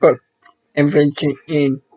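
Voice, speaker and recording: A man chatting casually to the camera as a vlogger, rambling in halting, loosely strung phrases. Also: a little high, level tone, mellow, muffled recording.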